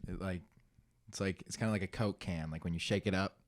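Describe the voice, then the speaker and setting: Guest: young adult man, fairly low voice, candid and halting, dry close sound. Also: steady tone, dry recording. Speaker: podcast guest. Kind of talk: casual conversation.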